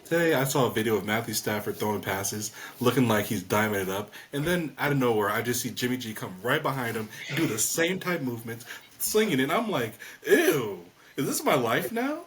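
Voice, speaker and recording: Man, mid-pitched voice, rambling, hesitant, laughs easily, podcast co-host. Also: expressive, brisk, a bit bright, slight background noise. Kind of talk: casual fantasy football banter.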